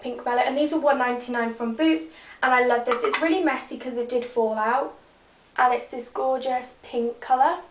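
A woman's voice: fairly high pitch, distant mic. A teenage girl, chatting casually and rambling as she shows off her makeup. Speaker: beauty vlogger. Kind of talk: casual makeup show-and-tell. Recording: echoey room, voice off-mic.

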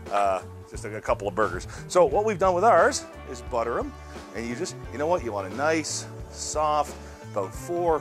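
Chatty, lively man hosting a cooking show. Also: medium pitch. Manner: chatty, repeats words, talks to viewers directly. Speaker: cooking channel host. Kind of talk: casual cooking demonstration.

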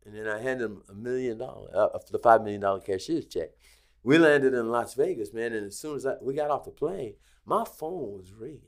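A Las Vegas casino executive, guesting on a podcast interview, tells a story with a medium-pitched voice at a fairly quick pace. He's an animated storyteller who acts out the quoted lines of the people involved.

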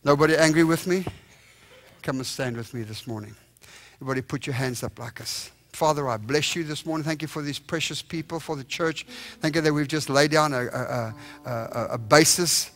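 A man's voice: a little high, fairly quick, a bit bright. A young man preaching a revival sermon in a church, telling a story and acting out the voices in it. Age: young adult. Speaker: evangelist. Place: church sanctuary.

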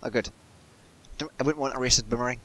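A man chats casually while playing a game. He jokes around and gets excitable at times. His voice sits in an ordinary middle pitch. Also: quick pace, a little hiss or hum. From Scotland. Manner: chatty, joking, excitable. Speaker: gamer. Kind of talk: casual let's-play chat.

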